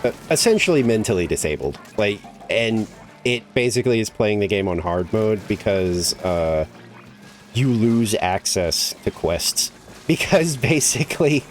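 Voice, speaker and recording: Fairly low in pitch, expressive and a little slow, a man chats casually while streaming a game. He rambles, leans on "like," and swears casually.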